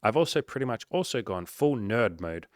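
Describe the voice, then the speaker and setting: A man's voice: mid-range voice, sing-song, normal speed, no room sound, clean studio sound. A man coaching dating clients, reading out a client's update and commenting on it in a frank, upbeat, casual way with some swearing.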